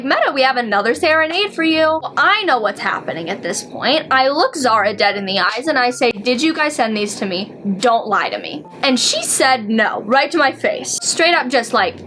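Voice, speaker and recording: A woman's voice: high-pitched, fairly bright tone. A young adult woman vlogging a casual storytime, talking through it in a chatty way with lots of "like"s. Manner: chatty, filler-heavy storytelling with many "like"s.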